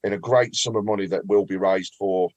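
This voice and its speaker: A man's voice: low voice, steady tone, fairly quick, muffled recording, a crowd in the background. A man presenting a casual football podcast, reading out listener comments in a chatty, upbeat way.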